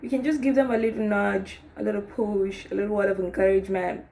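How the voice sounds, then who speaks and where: A woman's voice: mid-range voice, fast talker, creaky, hardly any pauses. A woman giving casual relationship advice, talking it through conversationally and often checking in with "okay?" and "right?". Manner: acts out sample dialogue in a rising, animated voice.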